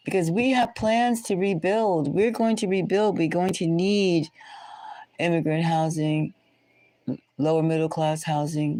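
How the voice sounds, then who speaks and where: A tarot reader hosting a casual reading, talking in a halting way with frequent restarts and wry whispered asides. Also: medium pitch, a little mellow, slight background noise, rough recording. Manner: halting, restarts words often.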